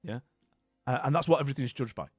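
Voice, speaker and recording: A man's voice: medium pitch, racing, darkish tone, no room sound, studio quality. A man chatting with his stream viewers, friendly and rambling, with lots of fillers and restarts. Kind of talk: casual chat.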